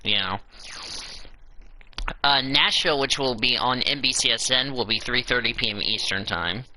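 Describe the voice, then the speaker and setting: A man's voice: mid-range voice, normal speed, sharp tone, rough recording. A man hosting a casual show, reading through a schedule and breaking in with exasperated asides. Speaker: show host. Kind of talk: casual podcast commentary.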